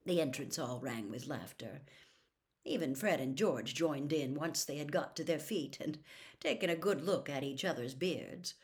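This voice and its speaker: Woman storybook narrator, low voice, very animated, expressive. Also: moderate pace. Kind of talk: storybook reading aloud.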